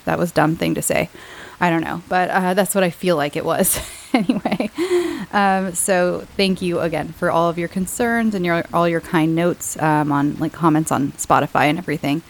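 A woman hosting a podcast, chatting to listeners in a rambling way and laughing often, her voice slightly hoarse from a cold. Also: lowish voice, fairly even intonation, normal speed, low-quality recording. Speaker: podcast host. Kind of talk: casual chat to listeners.

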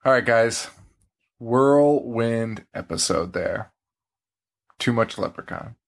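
A man's voice: medium pitch, slow, vocal fry. A young adult man hosting a casual podcast, joking and laughing often, with a slight frog in his throat. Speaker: podcast host.

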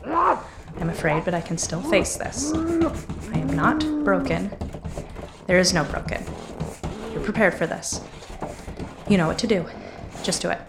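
A woman's voice: medium pitch, animated, measured pace, creaky, pauses often, very noisy. An actress playing an anxious young woman who talks herself into courage. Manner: shaky, self-coaching, earnest.

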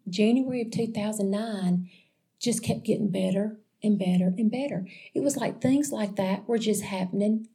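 Chatty woman telling a story. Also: medium pitch. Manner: chatty, animated, laughs often, addresses listeners as y'all. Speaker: speaker sharing a testimony. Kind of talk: casual storytelling testimony.

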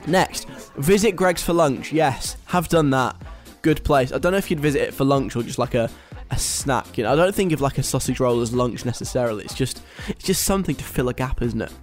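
Young british guy doing radio chat, poking fun at stuff, some music quietly in the back. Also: mid-range voice, animated, fairly quick, few pauses. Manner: chatty, wry and mocking. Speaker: radio host. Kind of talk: casual radio talk.

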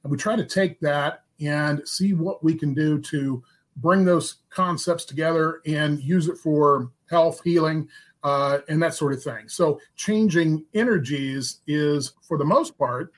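A man who is a guest on a talk show, explaining his work in a relaxed, plainspoken way. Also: a little high, measured pace.

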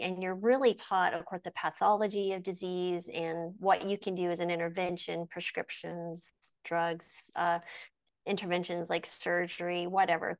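A woman in her forties, a physician hosting an interview, talking earnestly and telling stories in a conversational way. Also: lowish voice. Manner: earnest, storytelling with quoted voices. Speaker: physician and podcast host.

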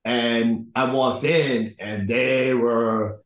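A man, a guest on a podcast, tells a long personal story in casual chat and acts out the voices of the people in it. His voice sits at a middle pitch. The room around him is roomy and echoey. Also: extremely slow. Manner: animated storyteller acting out the people in his stories.

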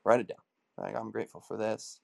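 Low, creaky and brisk, his voice carries a motivational talk in which he coaches an audience. He storytells energetically, performing the quoted dialogue himself.

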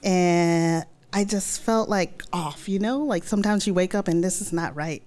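A woman tells a true personal story to an audience in a lively, conversational style, acting out her own thoughts along the way. Her voice is on the low side and moves at a moderate pace.

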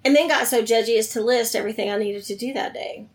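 Lively storytelling woman, slightly high voice. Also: fast talker. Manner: animated, acts out quoted voices, laughs between lines. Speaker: guest telling her life story. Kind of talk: personal storytelling in conversation.

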